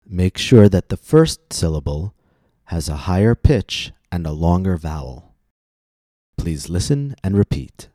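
Slow, deep-voiced male pronunciation teacher. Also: very animated, dark tone, no echo, clean studio sound. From United States. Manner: slow, deliberate, clearly enunciated drills. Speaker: pronunciation teacher and podcast host. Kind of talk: scripted pronunciation lesson.

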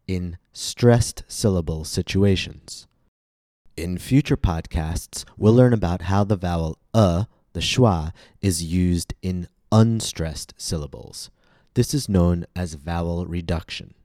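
A man with an American accent hosting a pronunciation podcast, reading a scripted lesson slowly and with careful enunciation. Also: sits low, dark tone, no echo, studio quality. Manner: slow, carefully enunciated teaching delivery.

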